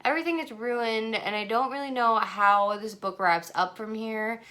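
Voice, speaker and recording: A woman's voice: on the high side, normal speed, sharp tone. A young woman talks straight to her camera at home in a loose, chatty vlog. She swears freely, rambles through her thoughts and sometimes drops to a whisper. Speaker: book vlogger. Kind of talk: casual reading vlog. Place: at home, in bed and in a messy room.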